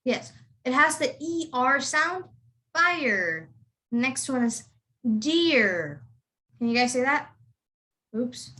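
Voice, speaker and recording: A woman's voice: high voice, animated, takes it slowly, pauses often, sharp tone. A young woman teaching pronunciation to children over a video call, patiently explaining and repeating model words. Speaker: accent tutor. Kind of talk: online pronunciation lesson for kids.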